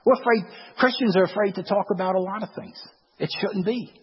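A man preaching a sermon with emphasis, dropping to a hush and then rising to forceful lines, repeating phrases for effect. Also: high-pitched, fairly quick, slightly rough. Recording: dull, long-reverb hall sound.

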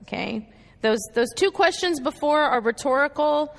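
A woman leads a Bible study in a high, clear voice, working through the passage verse by verse. She keeps checking in with her listeners with quick "okay"s and "right"s. A long reverb trails after her words, as if she is speaking in a large hall. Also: animated. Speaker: Bible teacher.

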